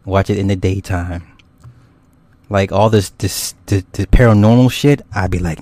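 A man's voice: lowish voice, steady tone, normal speed, warm tone, no room sound. A man hosting a casual livestream, rambling and swearing loosely with frequent laughs as he reads viewer comments. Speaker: YouTube host.

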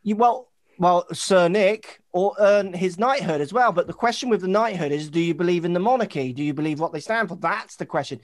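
A man from the United Kingdom with a British accent, co-hosting a relaxed podcast. His voice sits a little high, and he talks in a rambling, sarcastic way, trailing off and circling back. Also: brisk. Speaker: podcast co-host. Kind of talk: casual chat.

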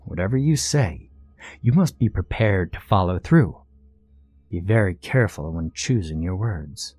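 A man plays a courtly, pompous servant of a dark king in a scary storybook reading, every word measured and formal. The voice is low and mellow, close and dry. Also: lively intonation, dry recording, soft background music. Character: smooth, formal male servant of a sinister king.

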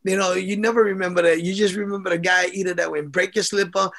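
A middle-aged man, a former boxer telling stories in a casual interview, animated and laughing often. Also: high-pitched, fast. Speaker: former amateur boxer, guest.

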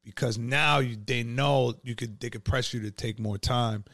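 A man's voice: mid-range voice, steady tone, normal speed, fairly bright tone. A man telling his own story in a casual, profane, streetwise way, full of "like" and "you know".

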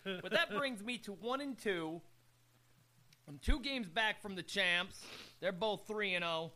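High-voiced man in rambling sports chat. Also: a little slow, pushed and bright. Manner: rambling, repeats words, laughs often. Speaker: radio show co-host.

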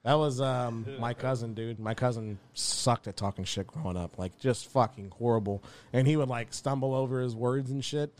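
A man's voice: medium pitch, normal speed, hardly any pauses, a little mellow. A young man, a comedian, telling crude stories in a casual podcast chat, swearing freely and laughing often. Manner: profane, storytelling, laughs often. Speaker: comedian guest.

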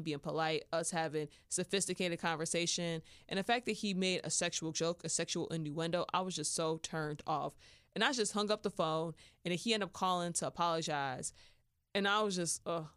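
A woman hosting a podcast, telling a personal story in a casual, animated way with slangy asides. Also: fairly low pitch, fairly quick, smooth, no room sound, studio quality. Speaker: podcast host.

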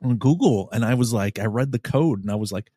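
A middle-aged male podcast host telling a story in casual chat, swearing often and loudly acting out what people said. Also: mid-range voice, a little fast, dry recording, studio quality. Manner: animated, swears a lot, acts out quotes loudly.

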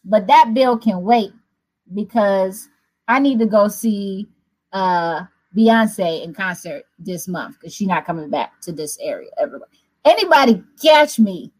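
A woman's voice: medium pitch, animated, unhurried, darkish tone, slightly rough, rough recording. A woman leading a late-night prayer broadcast, teaching in a loose, conversational way with joking asides and words repeated for emphasis. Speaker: prayer leader. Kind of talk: casual devotional teaching.

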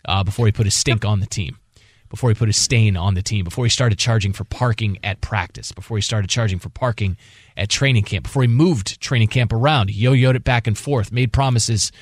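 A man's voice: lowish voice, fairly quick, no echo, studio quality. Passionate male sports radio host. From Washington D.C. area. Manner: passionate, rambling with restarts. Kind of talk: casual sports talk.

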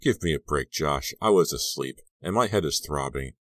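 A man's voice: very deep voice, expressive, normal speed, fairly bright tone, dry recording, full character voice. A man reading a weary sarcastic teenage boy. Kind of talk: audiobook character reading.

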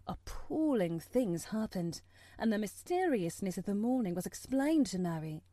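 A woman reading a story aloud as an audiobook narrator, measured and expressive. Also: medium pitch, no echo.

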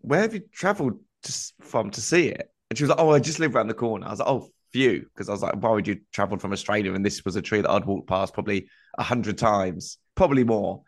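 A man's voice: on the low side, animated, fast, hardly any pauses. A man co-hosting a comedy podcast, telling a meandering anecdote in casual chat, full of fillers.

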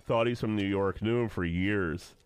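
A man's voice: on the low side, normal speed, smooth. A man co-hosting a podcast, telling rambling, crude stories in casual banter. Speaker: podcast co-host.

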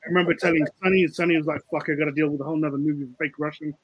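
A man, a film director and writer, talking casually in an interview and explaining his ideas in a relaxed way. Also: on the high side, rapid-fire, husky, no echo, highs cut off.

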